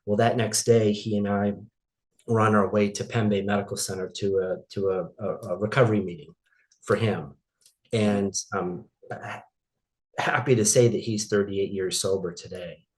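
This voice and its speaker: This interview guest, a middle-aged Maine man, shares a painful story from his own life in a halting, emotional way full of restarts. His voice is lowish and a little mellow, with a steady tone.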